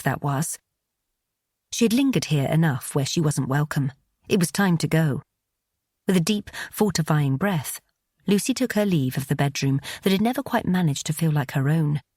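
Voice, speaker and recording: A woman narrating an audiobook in a measured, even storytelling delivery, recorded close on a studio mic. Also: low voice, husky, no room sound.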